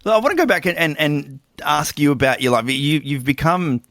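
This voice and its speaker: A man's voice: on the high side, lively intonation, fairly quick, fairly bright tone, no echo, studio quality. An Australian man co-hosting a podcast, chatting in a laid-back way and swearing casually. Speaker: podcast co-host.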